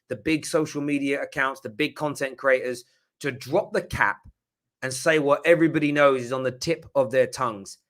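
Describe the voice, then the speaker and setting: Brief: fired-up fan-channel host, bright forceful voice. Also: male voice, mid-range voice. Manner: passionate, emphatic, swears when riled. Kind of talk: live-stream match reaction.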